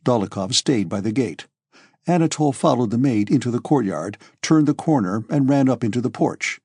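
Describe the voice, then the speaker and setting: Husky male audiobook narrator. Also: mid-range voice, lively intonation, normal speed, dark tone, no echo.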